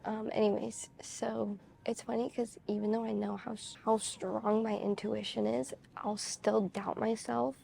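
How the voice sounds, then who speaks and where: Woman vlogger, deep vocal fry and a mellow tone, confessional and rambling, filler-heavy. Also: little pitch movement, measured pace, hardly any pauses, slight background noise. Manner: candid, confessional storytelling. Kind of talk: casual chat to camera.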